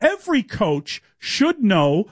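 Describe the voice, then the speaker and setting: Blunt high-voiced sports radio man. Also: wildly swooping pitch, slow, slightly rough, no echo, studio quality. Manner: blunt, skeptical, pushes back. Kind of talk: argumentative sports talk radio.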